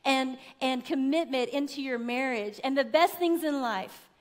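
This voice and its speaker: A woman's voice: high voice, a little slow. A woman co-hosting a talk on marriage, speaking in an affirming, encouraging way in a casual sermon style. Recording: hall reverb.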